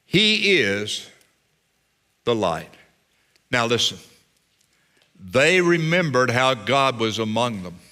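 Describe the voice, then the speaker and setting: A man's voice: medium pitch, big pitch swings, slow pace, pauses often, pushed and bright. A man preaching a sermon as pastor, emphatic and fond of repeating phrases for weight.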